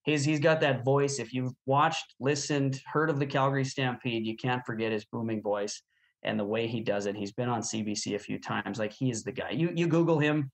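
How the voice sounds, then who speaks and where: A man in his thirties from Canada, a rodeo announcer telling his story as a guest in a casual interview, chatty and animated with easy laughs. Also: medium pitch, normal speed.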